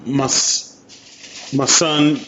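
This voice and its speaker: Animated man talking trash, roomy sound. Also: mid-range voice, drawn-out words. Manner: animated, boastful trash-talk. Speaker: podcast co-host. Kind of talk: casual chat. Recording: roomy, dull sound with faint noise.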